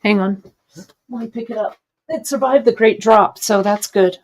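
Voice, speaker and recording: A woman's voice: mid-range voice, moderate pace, darkish tone. A woman hosting a live jewelry-making demonstration, chatting encouragingly and thinking aloud as she works.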